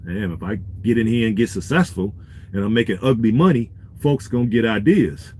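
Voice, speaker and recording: A man's voice: on the low side, brisk, a little mellow, slight background noise. A man vlogging in a laid-back, street-wise way, talking to his viewers and giving business advice. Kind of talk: casual talk to camera.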